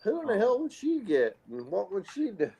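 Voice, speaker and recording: A man hosting a casual political chat show, animated and often restarting his sentences. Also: high-pitched, brisk, creaky, slightly rough, highs cut off.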